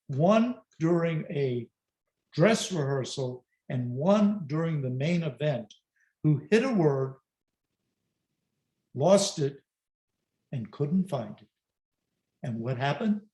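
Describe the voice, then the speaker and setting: A man's voice: a little high, animated, takes it slowly, long pauses, a little mellow. A man giving an online presentation as a speaker coach, talking conversationally with emphatic, self-deprecating asides, recorded at home on a video call. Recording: roomy echoey room.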